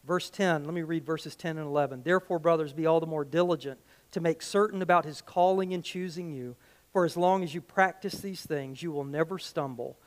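A middle-aged man preaching a sermon as pastor, conversational and animated, full of rhetorical questions. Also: a little high, a little fast.

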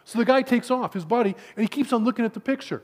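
Preaching fast to a room of men, a man with a notably high voice rushes through stories full of stammered repeats. On key words he sinks into a hushed, low delivery.

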